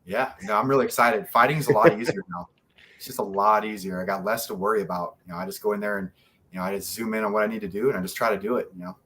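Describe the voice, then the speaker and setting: A man's voice: fairly low pitch, steady tone, racing, a bit bright, a little hiss or hum. An American man, a guest fighter, chatting casually on a podcast, laid-back, swearing freely and laughing often.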